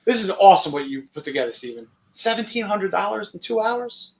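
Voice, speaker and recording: A man co-hosting a fan podcast, enthusiastic and quick to exclaim over donations. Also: high voice, sing-song, creaky, darkish tone. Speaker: podcast co-host. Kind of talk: casual chat.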